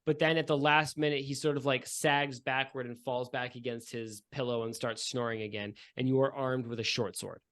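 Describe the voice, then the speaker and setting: A man's voice: mid-range voice, fairly even intonation, normal speed, few pauses, a bit bright. A man narrating a tabletop game as game master, chatty and descriptive with many fillers.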